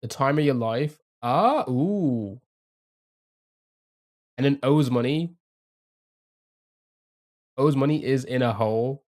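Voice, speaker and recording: A man's voice: mid-range voice, takes it slowly, long pauses, a little mellow. A young man streaming a game live, thinking aloud, chatting to viewers and laughing often. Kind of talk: casual live-stream commentary.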